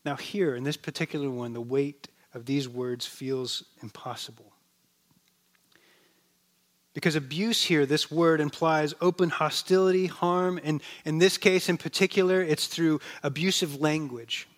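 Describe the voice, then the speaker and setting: A man's voice: a little high, fairly even intonation. Man preaching in a conversational, storytelling way. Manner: conversational storytelling, drops soft and slow on key words. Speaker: pastor. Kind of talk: sermon. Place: church.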